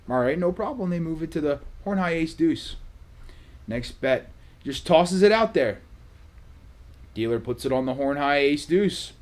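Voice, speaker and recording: A man hosting a vlog, telling a casual story in a sarcastic, animated way. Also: a little high, a little slow, long pauses. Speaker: vlog host.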